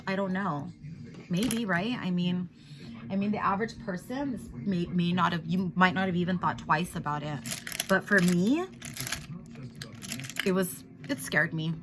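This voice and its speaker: A woman's voice: on the low side, noisy background. A woman in her thirties vlogging at home, venting in a rambling, upset way with lots of "like" and "you guys" fillers. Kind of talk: casual chat to camera.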